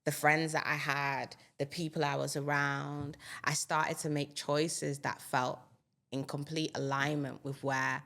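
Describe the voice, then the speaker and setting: A woman's voice: deep voice, flat delivery, a little slow, gravelly, a bit bright. A woman in her thirties, a singer and interview guest, talking openly and reflectively about her life. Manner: reflective, open, personal. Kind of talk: candid interview conversation.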